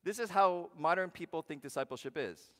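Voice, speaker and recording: A man pastor giving a conversational sermon, asking the congregation questions and swinging between loud, punchy lines and hushed ones. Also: a little high, brisk. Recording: long hall reverb.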